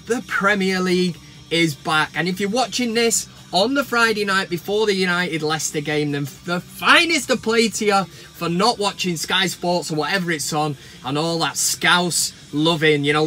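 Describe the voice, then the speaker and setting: A man's voice: high-pitched, pushed and bright. A man hosting his own football vlog, ranting casually to camera in a blunt, sarcastic and sweary way.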